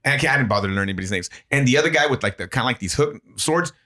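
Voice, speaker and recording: A man co-hosting a casual podcast, excitable and swearing, laughing often as he talks. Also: medium pitch, rapid-fire. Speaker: podcast co-host.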